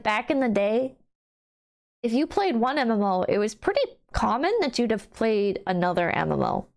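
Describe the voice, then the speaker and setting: A woman's voice: medium pitch, creaky, darkish tone. A woman streamer chatting casually with her viewers, blunt and wry, with frequent swearing. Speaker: streamer reading chat. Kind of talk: casual livestream chat.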